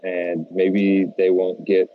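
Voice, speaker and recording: A man's voice: low-pitched, completely flat delivery, slow, phone-quality sound. A young American man co-hosting a casual podcast, laid-back and saying "dude" a lot. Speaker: podcast co-host.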